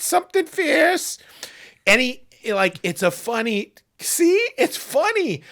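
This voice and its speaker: A man hosting a casual livestream chat into a desk microphone, rambling and halting with lots of fillers and restarts. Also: sits high, a bit bright. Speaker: livestream host.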